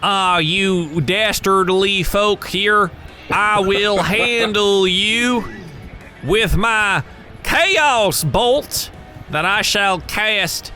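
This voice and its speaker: Villain sorcerer, hammy fake-Southern drawl, drawn-out, pitched up, voiced by a man. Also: sharp tone, faint music behind, heavily acted. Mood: gloating.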